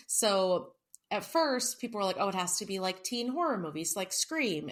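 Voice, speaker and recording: A woman co-hosting a casual book podcast, chatty and self-mocking, swearing now and then. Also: fairly low pitch. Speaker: podcast co-host. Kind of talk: casual chat.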